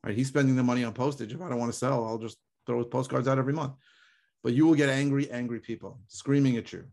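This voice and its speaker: A fast-talking man co-hosts a relaxed podcast conversation. He tells stories with energy and acts out the callers he describes. His pitch sits in the middle for a man. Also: gravelly. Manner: animated storyteller, acts out callers. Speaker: podcast co-host.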